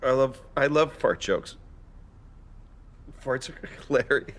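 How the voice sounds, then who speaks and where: An actor playing a weary male headliner comic with a flat, plain delivery. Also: medium pitch, slow pace. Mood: resigned.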